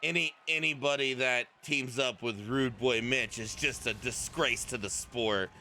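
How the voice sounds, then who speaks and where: A man's voice: mid-range voice, steady tone, unhurried, pushed and bright, a little hiss or hum. A man doing wrestling commentary, trash-talking and mocking a wrestler. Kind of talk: heel-leaning play-by-play banter.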